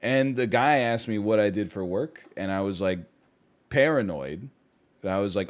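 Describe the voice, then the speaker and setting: A man in his thirties chatting casually, telling relaxed, self-deprecating stories about being a streamer. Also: lowish voice, normal speed. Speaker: streamer and show regular. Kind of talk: casual chat.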